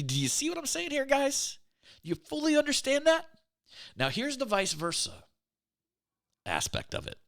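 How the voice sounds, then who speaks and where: Guy preaching about relationships, lively voice, keeps saying my friends, pushes his points hard. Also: lowish voice. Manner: emphatic, repeats words, addresses listeners as friends. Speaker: relationship speaker. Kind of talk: motivational faith talk.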